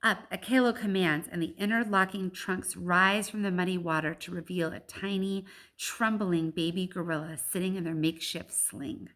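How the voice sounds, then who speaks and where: A woman reading a children's novel aloud in a lively way, stopping now and then for chatty asides. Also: on the low side, moderate pace. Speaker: audiobook reader.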